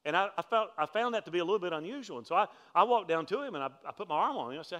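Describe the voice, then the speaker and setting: A male pastor preaching a sermon, telling stories in a conversational way with joking asides and climbing to louder, higher peaks for emphasis. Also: very fast, few pauses. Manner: animated storytelling, climbs in pitch and force for emphasis; conversational, humorous asides to the congregation.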